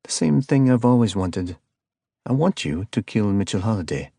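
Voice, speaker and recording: A man voicing a calm, icy male kidnapper who mocks his victim, in an audiobook. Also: on the low side, moderate pace, gravelly, dry recording, heavily acted. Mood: icy menacing. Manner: cold, mocking, calm. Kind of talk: audiobook character voice.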